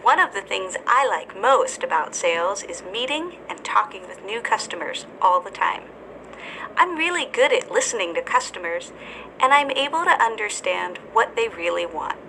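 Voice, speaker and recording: A confident, friendly job seeker introduces herself in a measured way, as a woman teacher models the speech. The voice is bright, with clear, deliberate stress and pauses. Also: mid-range voice, very animated, slight background noise, poor audio.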